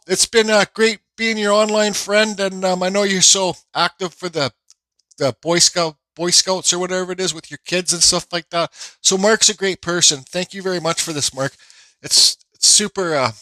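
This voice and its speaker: A bright, somewhat high-voiced man rambles casually through his workshop vlog, full of fillers and restarts. He says he feels unwell, and his voice is recorded close and dry with no room sound. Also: no echo, poor audio. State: feeling unwell. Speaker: woodcarving channel host.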